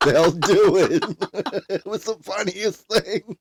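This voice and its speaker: A man's voice: high voice, takes it slowly, very noisy. A man casually telling a funny family story, laughing often as he goes. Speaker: storyteller guest.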